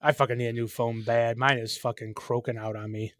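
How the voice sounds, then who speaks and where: Fast-talking American man. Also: medium pitch, flat delivery, a bit bright. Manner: rambling, profane. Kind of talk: casual chat.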